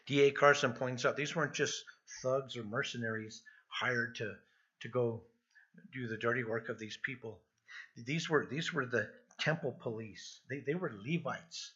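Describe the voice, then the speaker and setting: A man's voice: medium pitch, moderate pace, bright, forceful tone, husky. A middle-aged man preaching an expository sermon as pastor, earnest and often repeating words as he presses a point. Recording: dull lo-fi sound.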